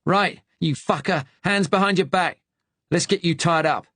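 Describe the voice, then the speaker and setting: A man's voice: sits high, normal speed, no echo, voice pushed up. A furious Cockney traitor snarls threats and curses in a raised, strained voice, as a male narrator puts him on. He barks out orders and hurls abuse. The sound is close and dry. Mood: snarling. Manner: shouting, swearing, threatening.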